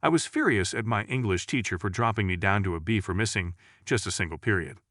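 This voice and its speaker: A man reading jokes aloud in a lively, storytelling way. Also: lowish voice, quick pace, no echo, clean studio sound. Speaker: joke narrator. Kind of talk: scripted joke reading.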